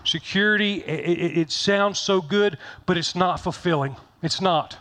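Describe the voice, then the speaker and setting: A man's voice: sits high, unhurried, a bit bright. A middle-aged man pastor giving a conversational sermon, folksy and joking, repeating phrases for emphasis.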